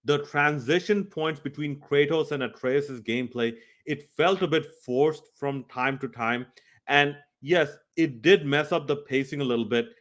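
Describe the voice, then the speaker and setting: A man's voice: on the high side, measured pace, fairly bright tone. A man reviewing a video game, speaking earnestly and emphatically straight to his viewers. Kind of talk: scripted review talk.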